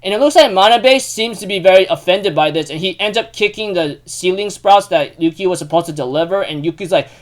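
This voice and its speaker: A man's voice: high-pitched, brisk, few pauses. Rambling man recapping an anime episode. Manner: rambling, heavy use of fillers.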